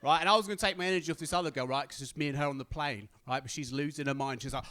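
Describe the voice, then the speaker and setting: Lively, bright-voiced young British comedian. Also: male voice, a little high, very fast, few pauses. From Britain. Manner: animated, acts out other people's voices. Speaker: stand-up comedian. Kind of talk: stand-up storytelling on stage.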